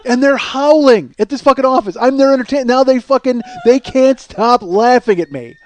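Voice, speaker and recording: Rambling self-mocking man, high voice. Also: lively intonation, moderate pace, hardly any pauses. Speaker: comedy podcast host. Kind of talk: solo comedic storytelling.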